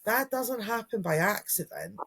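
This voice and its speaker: A woman's voice: medium pitch, animated, a little slow, vocal fry, a bit bright, husky. A woman co-hosting a podcast as a dog trainer, chatting casually and acting out what dogs and kids might say. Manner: chatty, acts out dogs' and kids' voices. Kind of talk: casual chat.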